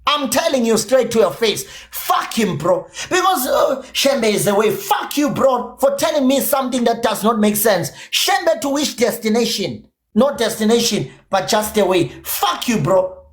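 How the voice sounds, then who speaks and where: A South African man with a Zulu-inflected accent, a native isiZulu speaker, launches into an angry, profane, confrontational rant on his podcast livestream. His voice is extremely high and sing-song, moving at a moderate pace. The room around him is echoey.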